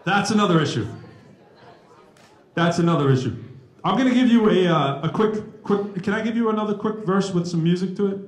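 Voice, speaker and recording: A man with a fairly high, animated voice talks to a college audience in a playful, joking way. He holds a handheld mic. The sound is roomy and echoing, as in a campus hall. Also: brisk, pauses often. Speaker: rapper and math professor giving a talk. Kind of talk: lively campus talk with humor. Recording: echoey room.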